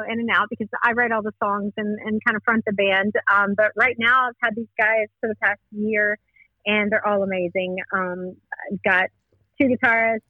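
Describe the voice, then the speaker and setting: A woman's voice: mid-range voice, no room sound. Southern woman from north carolina, band frontwoman, chatty and laughing, muffled dry line. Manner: friendly, chatty, laughs easily. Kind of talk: casual interview.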